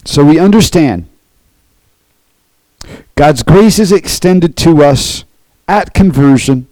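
A man's voice: on the high side, expressive, slow, dark tone, dry recording, rough recording. A man preaching a sermon as pastor, earnest, often checking in with the congregation by asking "okay?".

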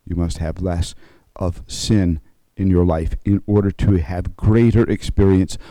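A man preaching a conversational sermon, slowing and rising to stress key points and checking in with his listeners. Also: sits low, steady tone, warm tone, no echo, rough recording. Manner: conversational preaching, frequent "okay?" check-ins. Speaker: pastor.

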